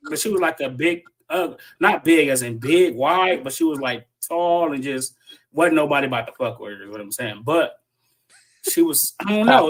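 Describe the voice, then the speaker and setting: A man hosting a livestream and telling an animated, profane childhood story in casual slang, laughing often. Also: mid-range voice, a little hiss or hum. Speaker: stream host. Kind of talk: casual group chat on a livestream. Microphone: online call.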